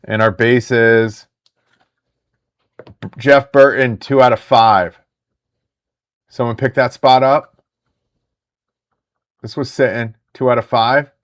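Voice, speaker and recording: A man in his thirties hosting a live card break stream, chatting excitedly with viewers in the chat. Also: mid-range voice, slow, pauses often.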